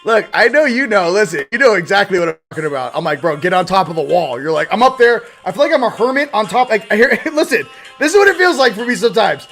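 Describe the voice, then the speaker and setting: A man in his forties hosting a casual spiritual talk, rambling and animated, sometimes swearing. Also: sits high, quick pace, hardly any pauses, soft background music. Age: 40s. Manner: rambling, animated, swearing, acts out quoted voices.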